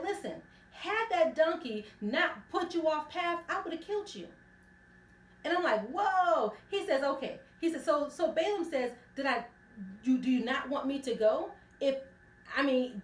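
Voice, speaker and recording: A woman with a high voice teaches from scripture in an easy, conversational way, acting out each character's lines as she goes. She sounds set back from the microphone in a roomy space, and the echo hangs around her words. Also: recorded from a distance. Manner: animated storytelling, acting out the characters in the story. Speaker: radio ministry host.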